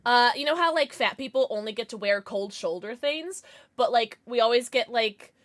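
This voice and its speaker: Woman, live streamer, casual chat, animated, swings up and down, swears freely. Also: a little high, moderate pace. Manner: chatty, lively, swears freely.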